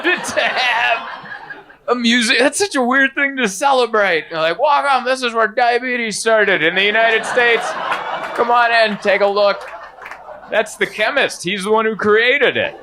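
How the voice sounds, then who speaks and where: Animated man doing stand-up, slightly high. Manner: animated, swings into high exaggerated bits. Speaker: stand-up comedian. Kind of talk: stand-up comedy set.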